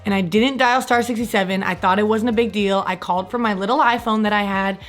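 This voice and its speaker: A young woman from California telling a personal story in a casual, animated vlog style, full of fillers. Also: mid-range voice, fast talker, faint music behind. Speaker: vlogger.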